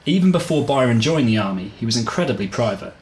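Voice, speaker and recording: A man's voice: mid-range voice, fast. Man reading a story in an echoey room. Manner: steady storybook reading, joking between passages. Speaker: podcast host reading his story aloud.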